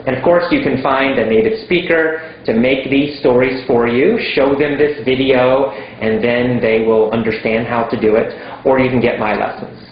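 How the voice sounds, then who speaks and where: A man teaching English in a slow, emphatic way, repeating simple words for learners. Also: mid-range voice, steady tone. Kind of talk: slow teaching monologue to camera. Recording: very echoey room, dull lo-fi sound.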